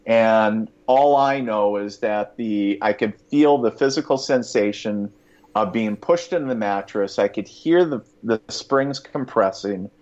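A man's voice: on the low side, unhurried, a little mellow, dull audio. A man casually telling a long personal story, rambling with many fillers, restarts and chuckles.

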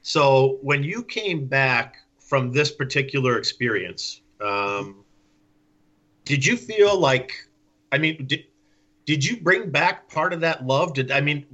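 A man's voice: medium pitch, animated, slow pace, bright, forceful tone, lo-fi sound. A man hosting an interview, asking long questions in a rambling way as he searches for words. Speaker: interview host.

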